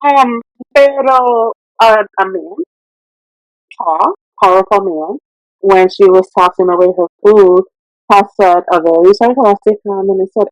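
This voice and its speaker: A woman's voice: medium pitch, unhurried, no echo, dull audio. A woman from Puerto Rico, a therapist and podcast guest, telling stories in casual chat and dropping in Spanish phrases. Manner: animated, switches into Spanish phrases.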